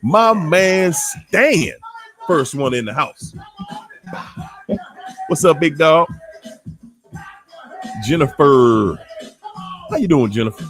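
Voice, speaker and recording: A man with a Washington DC accent hosts a live online show, greeting viewers one by one. He talks slowly in a playful, slangy way, and his pitch swings widely. Faint music plays underneath. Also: breathy edge. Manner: animated and playful, slangy, laughing often. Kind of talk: casual shout-outs to live viewers.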